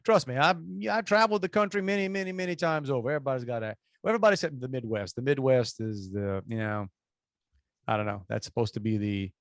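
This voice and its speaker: A man's voice: medium pitch, quick pace, dry recording, clean studio sound. A man with a Cajun Louisiana accent, co-hosting a podcast, joking and folksy in casual chat. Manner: joking, folksy, talks in bursts. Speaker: podcast co-host.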